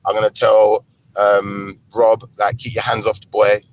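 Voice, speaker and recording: A man's voice: fairly low pitch, little pitch movement, measured pace, highs cut off. A man with a London accent hosting a heated online argument, taunting and jeering with repeated insults. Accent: London English. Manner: taunting, combative, repetitive jeers. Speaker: stream host.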